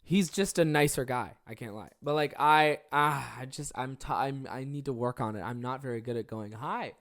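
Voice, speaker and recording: A man's voice: medium pitch, normal speed, a bit bright. A young man hosting his own podcast alone from his office, rambling casually with lots of swearing and self-deprecating asides. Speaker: podcast host. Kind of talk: casual solo podcast chat.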